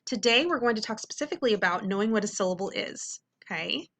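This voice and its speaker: Upbeat woman teacher, crisp bright voice, sounds out words slowly for kids. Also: medium pitch, lively intonation. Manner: upbeat, checks in with frequent "okay?"; slows to sound out words carefully. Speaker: reading teacher. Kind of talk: classroom video lesson.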